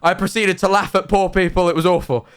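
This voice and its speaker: Chatty man, slightly high. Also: fairly even intonation, fast talker, smooth. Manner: chatty, jokey, rambling storyteller. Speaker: streamer. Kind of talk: casual livestream chat.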